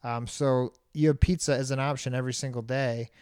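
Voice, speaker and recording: A man's voice: medium pitch, steady tone, fairly quick, darkish tone, clear, resonant tone, dry recording, studio quality. A man in his thirties co-hosting a casual chat, talking in a blunt and opinionated way and laughing easily. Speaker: podcast co-host.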